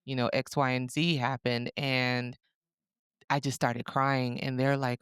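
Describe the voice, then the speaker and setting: A woman from Africa co-hosting a podcast, telling personal stories in a candid, animated way. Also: very deep voice, normal speed, clear, resonant tone, dry recording, studio quality. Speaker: podcast co-host. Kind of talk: casual podcast chat.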